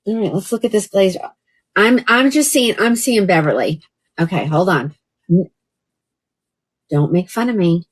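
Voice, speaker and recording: A chatty woman from Oklahoma runs a live shopping stream, exclaiming and talking to her viewers by name. Her voice sits at an ordinary middle pitch. Her delivery is loose and conversational. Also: expressive, unhurried, pauses often, breathy edge. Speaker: live shopping host selling wigs. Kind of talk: casual live-stream sales chat. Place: indoors by a fan.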